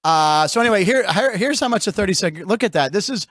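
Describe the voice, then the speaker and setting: A man hosting a comedy sports show from a studio, talking in jokey, animated banter. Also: sits high, fast talker, no echo. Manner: animated, jokey, puts on mock announcer voices. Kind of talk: joking radio-style banter.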